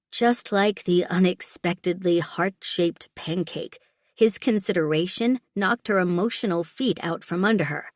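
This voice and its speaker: Brief: woman narrator, audiobook reading, lowish voice, dry close recording. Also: dry recording. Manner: steady, measured storytelling. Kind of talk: scripted narration.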